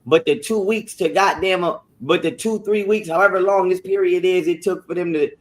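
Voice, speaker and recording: A man's voice: high voice, steady tone, brisk. Profane, defensive man ranting. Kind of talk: ranting livestream.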